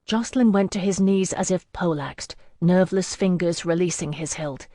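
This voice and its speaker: Low-voiced woman narrating a novel. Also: no room sound, studio quality. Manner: even, measured first-person narration. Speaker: audiobook narrator. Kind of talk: scripted narration.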